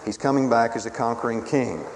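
A man preaching a sermon in a dramatic, emphatic way, swinging between booming declarations and hushed pleas. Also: fairly quick. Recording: reverberant hall with faint ambient noise.

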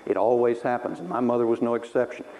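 A man's voice: mid-range voice, fairly even intonation, quick pace, lo-fi sound, a little hiss or hum. Wry storytelling preacher man from Texas. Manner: wry, self-mocking storyteller who laughs at himself. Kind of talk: sermon told as personal stories.

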